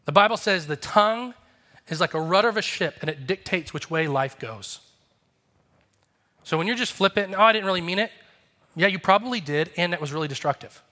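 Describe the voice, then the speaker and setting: A man's voice: on the high side, animated, brisk, bright, forceful tone. A man in his thirties, a pastor, preaching a sermon in an earnest, confessional way and acting out the voices he quotes.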